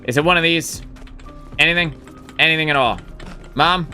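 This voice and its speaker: A man's voice: fairly high pitch, fairly quick, sharp tone, soft background music. A man streaming a game live, rambling casually as he thinks aloud and swears now and then. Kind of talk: casual gameplay commentary.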